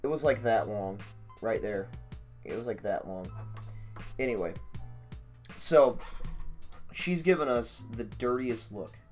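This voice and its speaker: A man streaming, telling a story casually in a profane, animated, rambling way. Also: on the low side, slow, pauses often, faint music behind.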